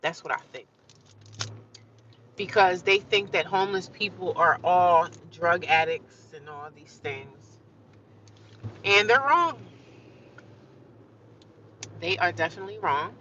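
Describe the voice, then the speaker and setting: A woman's voice: fairly low pitch, bright, forceful tone, a little hiss or hum. Fiery woman venting on a lo-fi live stream. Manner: fiery, emphatic, drawn-out repeated phrases. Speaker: livestreamer.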